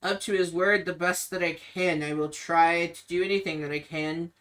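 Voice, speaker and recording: A woman's voice: lowish voice, steady tone, fairly bright tone, close to an everyday voice. A woman playing a weary, grieving brother. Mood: somber. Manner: somber, measured and apologetic. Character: weary, grieving young man, protective older brother.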